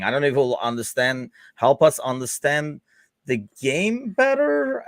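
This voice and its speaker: A man's voice: mid-range voice, dry recording. American guy chatting football on his morning show, dry close sound, sarcastic, laughs a lot. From United States. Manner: conversational, sarcastic, laughs easily. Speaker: podcast host. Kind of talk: casual football chat.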